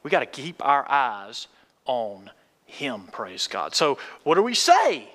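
A man's voice: mid-range voice, huge pitch swings, slow, pushed and bright. A man preaching a sermon in a folksy way, asking the congregation questions. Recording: long hall reverb.

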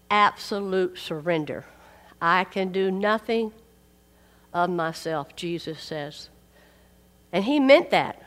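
A woman's voice: on the high side, fairly bright tone. A woman preaching a sermon, emphatic and repeating key phrases for weight. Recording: long hall reverb.

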